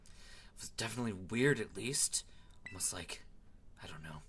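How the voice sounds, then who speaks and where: A streamer giving playful, expressive gaming commentary, swearing freely and reading game dialogue aloud. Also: low-pitched, moderate pace, pauses often, breathy edge. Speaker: streamer playing a video game.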